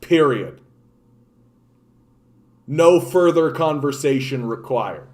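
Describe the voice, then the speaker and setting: A man's voice: fairly high pitch, animated, takes it slowly, a little mellow. Profane impassioned man. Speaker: political livestreamer. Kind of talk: unscripted political rant.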